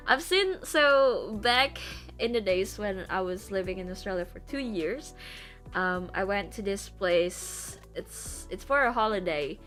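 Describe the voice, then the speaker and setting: A woman's voice: mid-range voice, a bit bright. A woman streamer chatting casually and rambling, laughing often between stories, with squeals of disgust. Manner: rambling, giggly, lots of laughter and fillers. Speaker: VTuber streamer.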